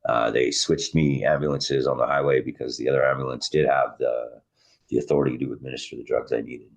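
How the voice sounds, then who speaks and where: A man's voice: steady tone, fairly quick. A man telling his own survival story in a raw, intense way, his voice rising and dropping with emotion. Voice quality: very deep husky voice. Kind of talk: emotional first-person storytelling.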